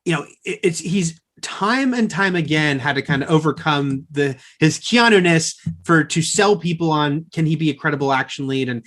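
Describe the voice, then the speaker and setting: A man's voice: fairly high pitch, expressive, moderate pace, hardly any pauses, a bit bright. A man with a Californian accent co-hosting a podcast, chatting casually about movies, hedging and correcting himself often and laughing easily. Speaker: podcast co-host.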